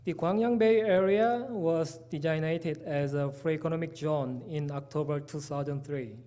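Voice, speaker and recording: A man with a Korean accent giving a conference presentation, halting at times and restarting words. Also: on the high side, dark tone. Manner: halting, restarts words, plain informal asides.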